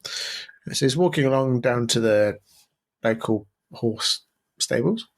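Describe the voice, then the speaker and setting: A man's voice: mid-range voice, lively intonation, slow. A man co-hosting a podcast, telling a long joke in a casual, rambling way with many fillers and restarts. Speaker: podcast co-host.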